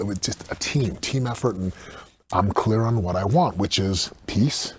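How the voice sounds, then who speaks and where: A low, husky man talks in a casual podcast chat. He is a speaker and coach, earnest and animated, and he acts out what others said as he tells a story. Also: normal speed.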